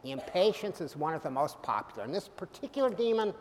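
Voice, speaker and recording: A middle-aged man preaching a sermon, animated and humorous, swinging from loud bursts to soft, quiet lines. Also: on the high side, fairly quick, a little hiss or hum. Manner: humorous asides. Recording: hall reverb.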